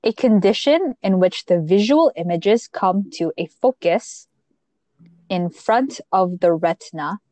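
A woman's voice: medium pitch, lively intonation, unhurried, warm tone, no room sound. Casting: woman, friendly quizmaster, plain delivery, dry close sound. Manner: laughs often, reads definitions plainly. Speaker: spelling bee quizmaster. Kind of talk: casual chat among friends.

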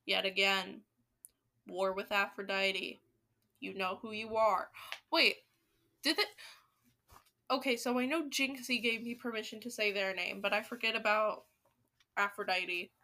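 A woman's voice: mid-range voice, fairly even intonation, unhurried, long pauses, bright, forceful tone. A woman hosting a podcast, reading a children's book aloud and breaking off for playful, joking asides. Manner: playful, joking commentary between passages. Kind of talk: storybook reading with chatty asides.

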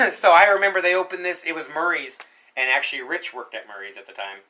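A young man co-hosting a podcast, telling a story in a casual, animated way, acting out shouts and quotes. He coughs now and then. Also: fairly high pitch, brisk, noisy background. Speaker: podcast co-host.

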